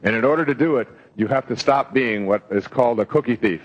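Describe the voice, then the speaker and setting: An older man giving a motivational lecture, telling stories in a reflective way with pauses and fillers. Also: medium pitch. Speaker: motivational speaker. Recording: dull lo-fi lecture recording.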